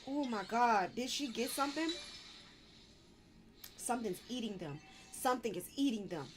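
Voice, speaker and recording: Excitable woman streaming a game. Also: fairly high pitch, normal speed, faint music behind. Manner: excitable, reacting out loud with squeals and laughter. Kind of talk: live gameplay commentary.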